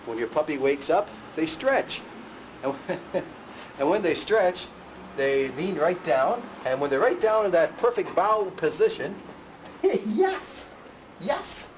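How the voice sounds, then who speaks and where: A man teaching dog tricks in a plain, explaining way, with bursts of high, cheerful praise for the dog. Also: big pitch swings, takes it slowly, slight background noise. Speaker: dog trainer. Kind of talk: instructional talk. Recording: music playing underneath.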